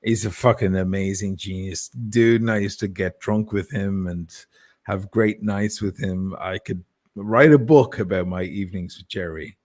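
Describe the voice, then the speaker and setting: An Irish man talking as a guest in a casual chat, telling stories in an animated way and swearing freely. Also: sits low, normal speed. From Ireland.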